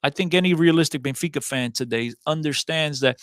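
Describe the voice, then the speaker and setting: A man excitedly telling stories as a guest on a casual podcast, rambling with frequent restarts. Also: fairly high pitch, fairly quick, clean tone, dry recording, studio quality. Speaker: podcast guest, club fan.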